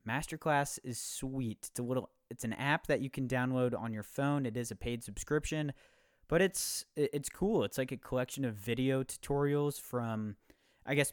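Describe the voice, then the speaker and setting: A young man in his twenties hosts a casual podcast, rambling along in an upbeat, easygoing way. His voice sits at an ordinary pitch, and the sound is close and dry with no room echo. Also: clear, resonant tone. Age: 20s. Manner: loose, rambling, upbeat with filler words. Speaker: podcast host.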